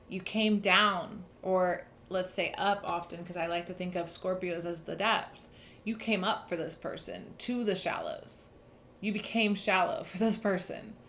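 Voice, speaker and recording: A woman's voice: lowish voice, fairly bright tone, slight background noise. A young woman giving a casual, earnest tarot reading, talking emphatically and restarting often. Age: young adult. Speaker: tarot reader.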